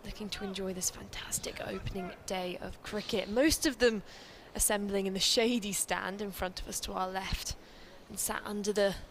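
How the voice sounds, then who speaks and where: A woman's voice: medium pitch, steady tone, normal speed, few pauses, a little hiss or hum. A woman giving articulate cricket analysis as co-commentator, with a lightly playful touch.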